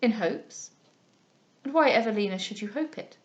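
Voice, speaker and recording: A woman reading aloud, voicing an elderly male guardian who speaks softly, mildly and solemnly. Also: on the high side, animated, normal speed, dull audio, close to an everyday voice. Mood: grave. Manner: soft, mild, solemn speech.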